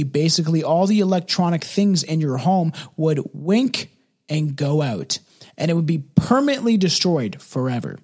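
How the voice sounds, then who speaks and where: A man's voice: fairly high pitch, darkish tone. A man co-hosting a casual podcast, reading an article aloud with many fillers and restarts while drinking scotch. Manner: stumbling reader, frequent restarts and fillers. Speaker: podcast co-host.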